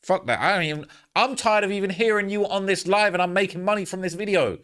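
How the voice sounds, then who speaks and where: A man's voice: high voice, fast talker, fairly bright tone, clear, resonant tone. A man from California giving blunt, scornful reaction commentary with lots of swearing.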